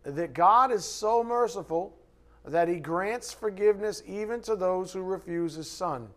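A male preacher with a slightly higher voice delivers a sermon. He jumps from forceful, raised lines to low, quiet asides, and keeps throwing rhetorical questions at his congregation. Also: a little slow. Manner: animated, swings from loud emphatic bursts to quiet asides. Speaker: pastor.

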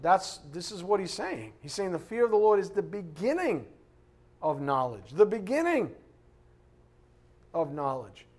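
Blunt, fiery high-voiced male preacher. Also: husky. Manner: blunt, animated, swings between loud and quiet; reads scripture slowly with emphasis. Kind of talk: informal sermon.

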